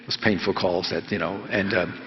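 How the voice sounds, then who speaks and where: A man in his seventies, a reporter telling a story and quizzing students in a lecture hall, halting and full of fillers. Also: low-pitched, steady tone. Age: 70s. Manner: prods the audience with quick questions. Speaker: reporter giving a talk to students. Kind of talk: lecture storytelling with audience questions. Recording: echoey hall, dull lo-fi sound.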